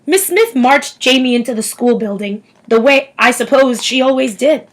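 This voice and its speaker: A woman reading a novel aloud in an expressive storytelling manner. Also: high-pitched, normal speed, rough recording. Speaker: audiobook reader.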